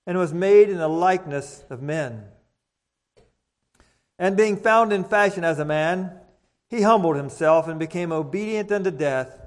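A man preaching a sermon, reading scripture aloud and repeating key words with deliberate emphasis. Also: high voice. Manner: slow, deliberate, emphatic repetition. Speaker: pastor. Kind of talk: King James scripture reading.

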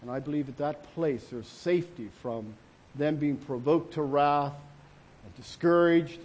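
A man preaching as a pastor in an earnest, halting way, with many restarts and fillers. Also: on the high side, darkish tone. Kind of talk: sermon.

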